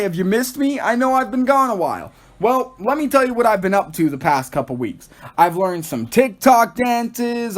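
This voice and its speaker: A young man from Texas hosting a solo podcast review, excitable and rambling, peppering his talk with "like.". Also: high-pitched. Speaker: podcast host.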